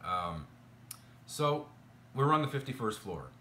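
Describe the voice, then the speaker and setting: Chatty man, bright echoey voice. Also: medium pitch, sing-song, slow, slight background noise. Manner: chatty, exasperated, lots of fillers. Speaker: vlogger. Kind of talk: casual complaint storytelling to camera. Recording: echoey room.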